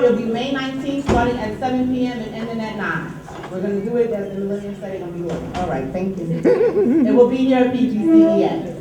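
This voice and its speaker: A woman's voice: a little high, a little fast, crowd noise. A woman with a New York accent, a union treasurer giving committee reports at a members' meeting. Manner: upbeat, animated when announcing. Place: large meeting hall. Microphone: distant from the recorder. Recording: echoey hall from far off, background noise.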